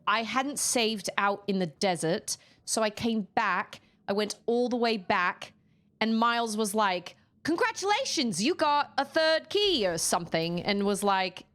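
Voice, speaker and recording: A young woman chats casually while streaming a video game, animated and laughing, often jumping into silly voices. Her voice sits at a medium pitch and moves at a measured pace.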